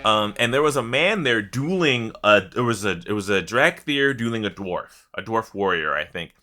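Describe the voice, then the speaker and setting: A man co-hosting a casual gaming podcast, telling an animated story with plenty of swearing and laughter. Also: on the low side, moderate pace, faint music behind. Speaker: podcast co-host.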